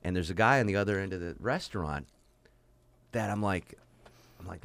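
A man's voice: deep voice, moderate pace, a bit bright. A man hosting an interview, telling an anecdote in a chatty, casual way. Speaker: podcast host.

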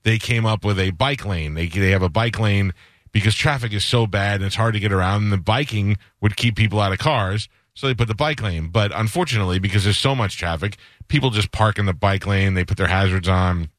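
A man's voice: on the low side, fairly quick, a bit bright, no room sound, studio quality. A man hosting a radio show, chatting casually and telling rambling stories, acting out the voices of the people he quotes.

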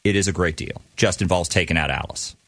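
A man's voice: sits low, quick pace, fairly bright tone. A male radio co-host bantering playfully and teasing a caller on a morning show.

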